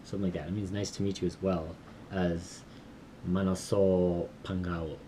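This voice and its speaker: A man recording himself while learning Korean, thinking aloud and repeating phrases slowly in a casual way. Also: sits low, little pitch movement, dark tone, a little hiss or hum. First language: English.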